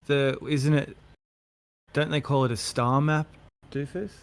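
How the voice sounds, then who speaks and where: A man's voice: on the high side, steady tone, a little slow, smooth. Een man die koppig en afwijzend tegenspreekt in een verhit online debat. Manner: stubborn, dismissive. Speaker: flat earth panelist.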